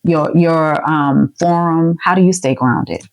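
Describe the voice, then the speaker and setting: A woman's voice: low-pitched, takes it slowly. A woman hosting a casual interview, asking questions and affirming her guest with many thank-yous and "mm-hmm"s. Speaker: podcast host.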